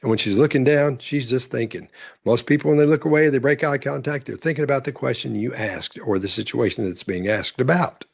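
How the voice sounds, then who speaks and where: A man commenting on courtroom testimony, explaining calmly step by step. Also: mid-range voice, fairly quick, gravelly, slightly rough. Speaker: body-language commentator.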